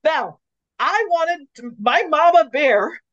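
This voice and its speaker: A woman with a high-pitched voice co-hosts a casual podcast about leadership, taking her time as she tells animated stories and acts out what people said. The audio is dull and lo-fi.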